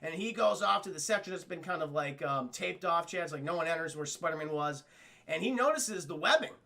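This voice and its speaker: A young man recapping a cartoon episode on a livestream, rambling, swearing, and talking to his chat. His voice is high and bright with a gravelly fry. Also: animated, fairly quick. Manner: rambling, profane, addresses chat. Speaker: cartoon reviewer streaming.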